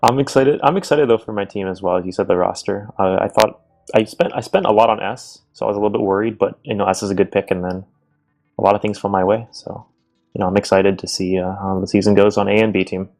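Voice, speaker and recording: A man, a team captain in an online league draft, chatting casually on a stream in a relaxed, halting way. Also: on the low side, vocal fry, faint music behind. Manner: relaxed, halting, restarts phrases, laughs often.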